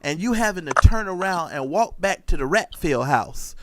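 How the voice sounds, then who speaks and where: A man on an online call, casually telling stories in an animated, profane way and talking straight to listeners. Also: sits high, normal speed, slight background noise. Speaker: show co-host. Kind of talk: casual storytelling chat.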